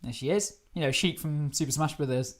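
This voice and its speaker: A woman chatting through a live gameplay stream, easily startled and quick to laugh. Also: low-pitched. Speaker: game streamer.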